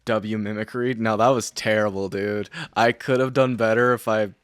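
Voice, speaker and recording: Rambling, foul-mouthed young gaming streamer. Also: male voice, fairly low pitch, steady tone, normal speed, smooth, no room sound, clean studio sound. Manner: rambling, swears, heavy filler words. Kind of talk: casual let's-play commentary.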